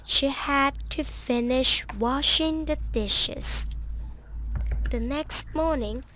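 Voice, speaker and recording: Woman narrator, children's story, high, very slow. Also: fairly bright tone, slight background noise. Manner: very slow, careful delivery.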